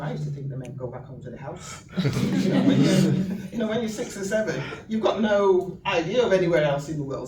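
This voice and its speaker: A woman, giving an animated, humorous storytelling speech to an audience. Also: low-pitched, quick pace. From northern England. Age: 60s. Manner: animated, humorous, acts out quoted voices. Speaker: guest speaker. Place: event venue room. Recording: echoey room, distant mic, audience noise.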